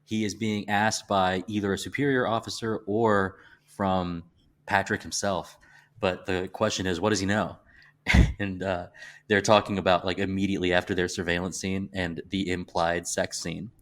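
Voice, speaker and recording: Low-voiced thoughtful Southern man. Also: level tone, fairly bright tone. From American South. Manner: halting, restarts often, thoughtful. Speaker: podcast co-host. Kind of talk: casual movie discussion.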